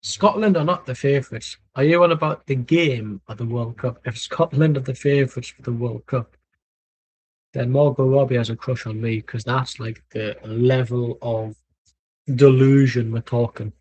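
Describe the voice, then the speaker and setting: A man's voice: medium pitch, fairly even intonation, normal speed, darkish tone, breathy edge, poor audio. A man doing casual live match commentary from home, rambling and blunt with plenty of swearing. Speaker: watchalong streamer.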